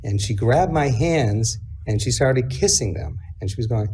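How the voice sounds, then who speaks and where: A middle-aged man speaking at his mother's memorial service, reflective and halting, with many pauses and fillers. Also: mid-range voice, expressive, dark tone, a little hiss or hum. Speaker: eulogy speaker, son. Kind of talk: memorial eulogy.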